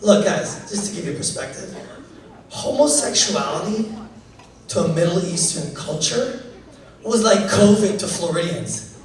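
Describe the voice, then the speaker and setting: Comic in his thirties, stand-up set, animated delivery; distant, roomy club recording with room noise. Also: high-pitched, measured pace. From Canada. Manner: animated, joking, building to loud punchlines. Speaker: stand-up comedian. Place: comedy club stage. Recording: echoey club recorded from afar.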